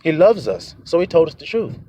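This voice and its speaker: A man preaching a sermon, animated, acting out quoted voices as he goes. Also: a little high, brisk.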